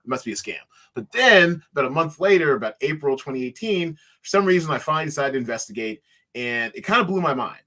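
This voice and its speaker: Guy rambling through a story in an interview, lots of ums and restarts, bright sharp tone. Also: a little high, lively intonation, quick pace. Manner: rambling storyteller, many fillers and restarts, laughs easily. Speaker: guest, company founder. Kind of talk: casual interview talk.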